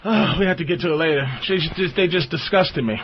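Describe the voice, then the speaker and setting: A man hosting a call-in radio show, ranting comically and profanely, jumping into high squeaky outbursts and laughing often. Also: fast, slight background noise. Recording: dull lo-fi radio broadcast.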